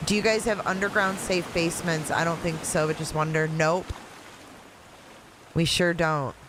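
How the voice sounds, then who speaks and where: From her Florida home during a hurricane, a Michigan-accented woman hosts a relaxed live-chat stream, answering viewer comments in turn. Her fairly low voice holds a steady tone at normal speed and sounds a bit bright, over a rough recording with a little hiss or hum.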